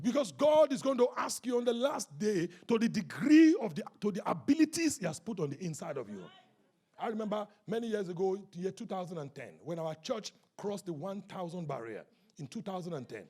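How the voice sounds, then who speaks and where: High husky-voiced man preaching. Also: sing-song, fairly quick. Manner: rousing call-and-response preaching, often shouting. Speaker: pastor. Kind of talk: sermon. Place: church service.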